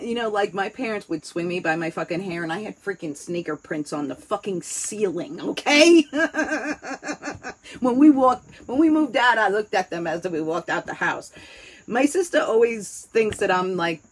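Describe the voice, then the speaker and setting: A woman with a New York accent talks in a loose, rambling afternoon chat. She is blunt and candid, and profanity drops easily into her sentences. Her voice sits at an ordinary middle pitch. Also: slight background noise, poor audio. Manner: candid, rambling, swears freely. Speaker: host. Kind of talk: casual chat.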